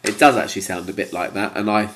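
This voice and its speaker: A man with a slightly low, stuffy, nasal voice from blocked sinuses. He talks to camera in a loose, rambling way and fills his pauses with ums. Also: fairly bright tone, slight background noise. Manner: rambling, hesitant with many ums. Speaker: YouTuber. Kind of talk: casual talk to camera.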